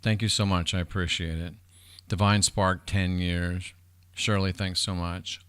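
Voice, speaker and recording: Man with a bright, dry, low voice. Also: little pitch movement, measured pace, smooth, no room sound. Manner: profane, rambling, talks straight to chat viewers. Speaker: livestream host. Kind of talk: rambling casual livestream chat.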